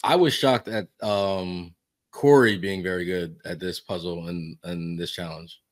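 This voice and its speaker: A male co-host with a fairly low voice. He drops quick, amused remarks into a casual recap chat. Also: steady tone.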